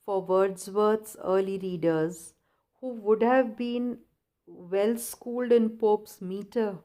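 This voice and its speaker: A woman college lecturer, reading lecture notes aloud to students in a measured, deliberate way with occasional self-corrections. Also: medium pitch, dark tone.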